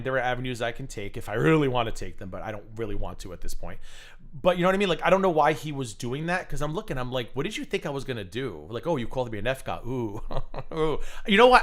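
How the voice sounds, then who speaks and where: A man hosting a live stream, chatting in a gossipy, animated way, swearing and breaking into shrieks as he retells drama. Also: on the high side, quick pace. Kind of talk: casual live-stream commentary.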